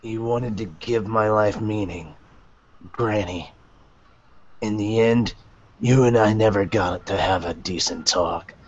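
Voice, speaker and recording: A man voicing a brash young thug in a live fan reading, rough-spoken and defiant. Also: fairly low pitch, slow, long pauses, a little mellow. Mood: somber. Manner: rough, defiant, then somber. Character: gruff brash young male dragon-slaying thug. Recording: dull dry podcast audio.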